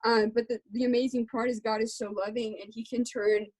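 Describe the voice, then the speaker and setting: A young adult woman talks candidly in an interview, her voice slightly higher than most. She speaks earnestly and from the heart, with a plain, conversational delivery. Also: level tone, a little fast, darkish tone, rough recording. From Texas. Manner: earnest, heartfelt, faith-centered. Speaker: guest musician.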